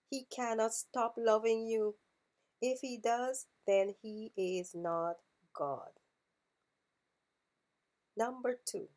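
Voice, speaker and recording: Woman, devotional preacher, very slow and deliberate, repeats lines for weight. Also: medium pitch, a little mellow. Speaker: podcast preacher. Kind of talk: devotional sermon.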